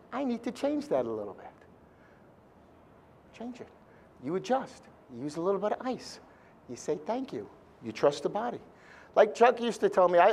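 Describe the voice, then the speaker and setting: A man's voice: high-pitched, darkish tone, a little hiss or hum. A man speaking live to a seminar audience, blunt and joking, with mild swearing.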